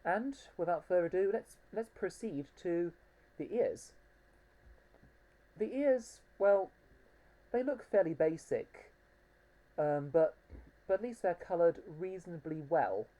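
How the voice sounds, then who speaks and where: A woman with a low, mellow voice talks slowly through a home-made plush toy review. She hesitates a lot, restarting sentences and filling gaps with ums, and speaks fondly of the toy. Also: animated, muffled recording. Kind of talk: casual home video review.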